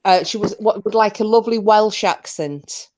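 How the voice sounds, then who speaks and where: A woman's voice: mid-range voice, moderate pace, darkish tone, no echo. A woman hosting a live online chat, reading messages out and checking that everyone can hear her. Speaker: livestream host. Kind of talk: casual chat. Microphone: online call.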